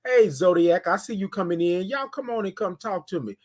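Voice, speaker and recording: Sing-song woman hosting a morning stream. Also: on the low side. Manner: sing-song greetings, stretched drawn-out words, coaxing viewers in. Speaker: host. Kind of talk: live-stream morning show.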